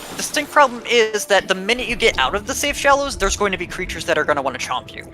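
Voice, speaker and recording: A man's voice: sits high, very animated, fast talker, rough recording. A man giving casual, explanatory gameplay commentary, often restarting his sentences. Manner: explanatory, with restarts and filler words. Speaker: game commentator. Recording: voice over loud game music.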